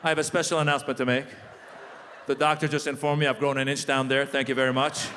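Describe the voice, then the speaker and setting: A middle-aged man doing stand-up comedy, chatting with the audience in lively crowd work, in a hall with long reverb. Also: medium pitch, quick pace, a little hiss or hum.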